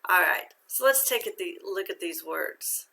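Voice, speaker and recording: Slow, patient woman teaching phonics. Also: fairly low pitch, expressive, vocal fry, sharp tone. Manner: slow, patient, encouraging, asks and praises as if a child answers. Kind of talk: phonics lesson for young children.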